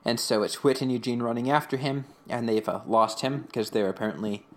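A man co-hosting a podcast, recapping an episode in casual chat, rambling with lots of fillers and slipping into quick voices for quotes. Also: medium pitch. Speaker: podcast co-host.

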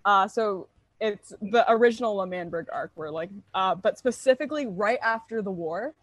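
A woman's voice: mid-range voice, lively intonation, normal speed, no room sound. Chatty young woman, dry sound. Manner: chatty, giggly, lots of fillers. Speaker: fan interviewee. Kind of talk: casual chat.

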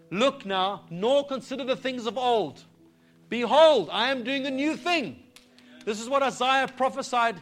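A man preaching a sermon to his congregation, moving from quiet urging into fervent declarations that rise to shouts. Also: sits high. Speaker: pastor. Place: church service.

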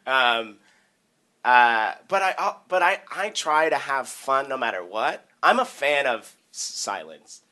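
A man, a comedian guest, reflecting in a halting, thoughtful way in casual chat. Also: mid-range voice, big pitch swings, bright, forceful tone. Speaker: improv and stand-up comedian guest.

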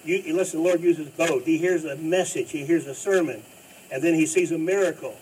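A pastor preaching a sermon in an emphatic style, rising to loud bursts and dropping low. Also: male voice, a little fast. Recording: distant mic with faint noise.

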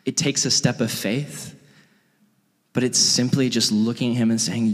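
A man pastor preaches casually from the front of a church, chatty and earnest, with his voice at a mid pitch. A long reverb from the church hall trails after his words. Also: fairly even intonation, normal speed. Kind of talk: casual sermon.

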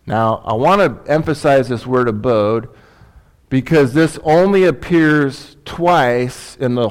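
A man preaching a sermon as pastor, conversational and emphatic, with asides and rhetorical questions. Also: mid-range voice.

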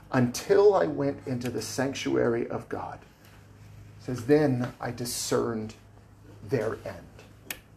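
A man's voice: medium pitch, gravelly, darkish tone, slight background noise. A man preaching a sermon as pastor, conversational and plainspoken, with casual asides to the congregation. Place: church sanctuary.

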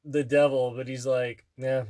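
A woman's voice: deep voice, lively intonation, moderate pace. A woman in casual chat with her child, playful, asking lots of questions and often laughing mid-sentence.

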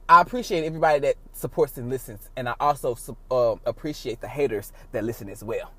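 A man's voice: medium pitch, fast, few pauses, a bit bright, no echo. A man from St. Louis hosting his podcast in casual chat, loose, profane and slangy. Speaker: podcast host. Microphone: phone call recording.

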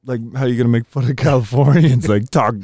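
A man's voice: mid-range voice, fast talker, warm tone, no room sound, studio quality. A man in a casual chat, easygoing and slangy. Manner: easygoing, slangy, says bro and dude.

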